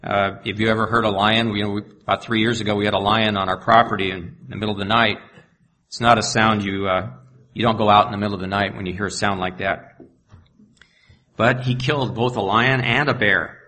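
Man preacher, bright voice, reads scripture and breaks off into casual asides. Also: fairly low pitch, fairly even intonation, a little fast. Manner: reads verses aloud and adds plain asides. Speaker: pastor. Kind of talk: sermon with scripture reading.

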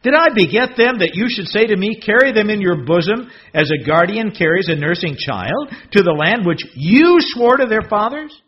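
A man reading out an overwhelmed, distraught old male prophet with a husky voice, pleading and rising to near-wails. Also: high voice, lively intonation, moderate pace, few pauses, voice pushed up. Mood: anguished. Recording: dull lo-fi recording.

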